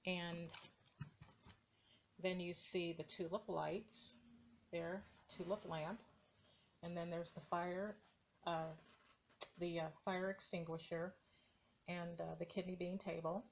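Indoors beside her dollhouse, a woman shows off its rooms in casual, hesitant narration full of ums and uhs, recorded on a camera mic that's moved by hand. Her voice is on the low side and steady, slow with frequent pauses, with a little hiss or hum in the audio.

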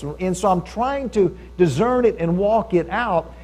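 Male preacher, fairly high voice, conversational sermon, checks in with the congregation. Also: measured pace, darkish tone. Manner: conversational preaching, stresses key phrases, often asks the audience for agreement. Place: church service with audience.

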